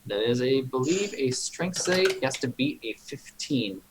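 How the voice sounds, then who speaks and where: A man playing a tabletop game, calmly explaining his character's actions. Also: medium pitch, unhurried, a crowd in the background, poor audio. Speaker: player. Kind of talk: casual tabletop play.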